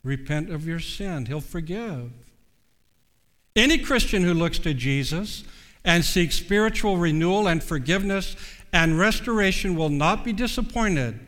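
A man preaching a sermon, measured and earnest, slowing down to stress key words. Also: high voice, animated, a bit bright. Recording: long reverb.

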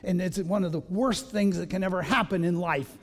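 A man's voice: sits high, fairly even intonation, brisk. A man preaching a sermon in a church, telling stories and acting out voices with self-mocking humor. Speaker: pastor. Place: church sanctuary. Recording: long reverb of a large hall.

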